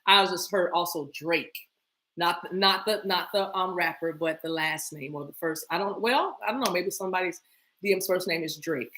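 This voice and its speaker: A woman giving a casual spiritual reading to her viewers, animated and playful, laughing and breaking into bursts of speaking in tongues. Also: on the low side. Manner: playful, laughs often, talks to viewers as y'all. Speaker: spiritual reader.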